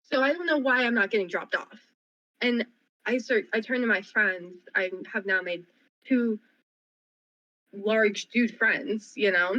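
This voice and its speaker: A young woman co-hosting a radio show who tells a story at full tilt. She is animated and rapid, with plenty of "like" and a pitch of middling height. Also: highs cut off. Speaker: co-host. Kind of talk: casual storytelling chat. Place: radio studio.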